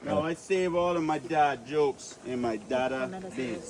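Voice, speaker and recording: A man with a Caymanian accent guiding an outdoor cave tour, joking, lively and full of local slang. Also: medium pitch, a little slow, distant mic, over a noisy crowd. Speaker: tour guide. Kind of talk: guided tour talk.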